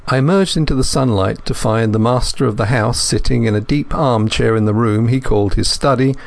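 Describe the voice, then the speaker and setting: A man reading a first-person thriller as an audiobook narrator, in a measured, steady manner. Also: medium pitch, creaky, no echo.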